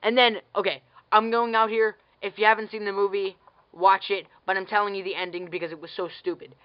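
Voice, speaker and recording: A woman's voice: medium pitch, flat delivery, brisk, muffled recording. A woman giving a casual ranting movie review as a vlogger, blunt and sarcastic, swearing freely and firing off exasperated questions.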